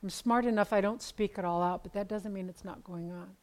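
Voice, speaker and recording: A woman's voice: medium pitch, steady tone, brisk, low-quality recording. Woman, 70s, Bible study teacher; candid, conversational storyteller with dry self-deprecating humor.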